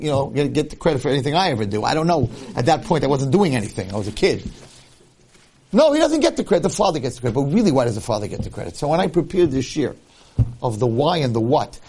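A man's voice: a little high, quick pace, slightly rough. A rabbi telling a story during a Torah lecture, acting out the people in it and repeating his key points for emphasis. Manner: animated, acts out the people in his stories.

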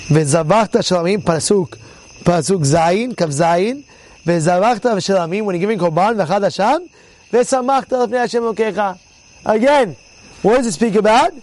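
A man teaching an informal Torah class as a rabbi, telling stories with lots of repetition and acting out the people in them loudly. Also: high voice, poor audio. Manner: animated storyteller, repeats words, acts out quotes loudly.

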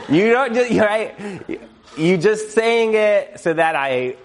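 A clueless young husband, put on by a man, waving off his wife with smug, breezy confidence. The voice sits noticeably higher than the speaker's own, light and self-satisfied. He repeats his reassurances without listening. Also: exaggerated voice.

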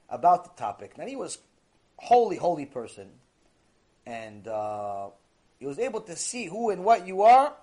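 A man's voice: on the high side, dark tone. A man giving a Torah lecture, telling stories animatedly and repeating key phrases for emphasis. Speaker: Torah teacher.

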